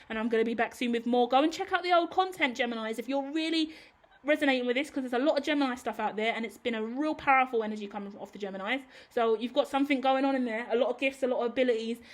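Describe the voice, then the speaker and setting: A woman with a somewhat high voice delivers a tarot reading straight to her audience. She talks in an emphatic, sassy, blunt way, like a pep talk that doesn't mince words. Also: fast talker. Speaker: tarot reader. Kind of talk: tarot reading monologue to camera.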